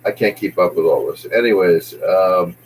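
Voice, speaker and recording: A man's voice: low voice, moderate pace, slight background noise, low-quality recording. A man rambling through a jokey comic monologue, jumping from one tangent to the next. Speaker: comedian host.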